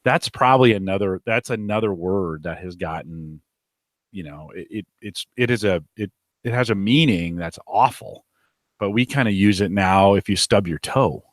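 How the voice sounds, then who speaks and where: A man in casual podcast chat, his voice sitting a little low. He rambles and restarts his sentences, recorded close and dry with no room sound. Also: moderate pace, no echo. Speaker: podcast co-host.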